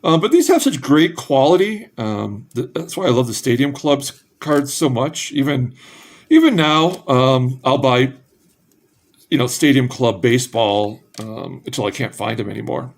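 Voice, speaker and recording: A man casually narrating as he opens packs of trading cards, reading names one by one with offhand asides and bursts of excitement at good pulls. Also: mid-range voice, measured pace, creaky. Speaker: card collector opening packs. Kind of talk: casual pack-opening commentary.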